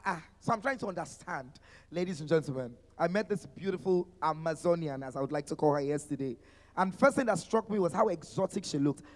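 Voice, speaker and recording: A man with a Nigerian accent and a high voice emcees a live expo panel, teasing the guests and hyping them up in a playful sing-song way. Music plays behind him on the stage, and the sound is that of a big room.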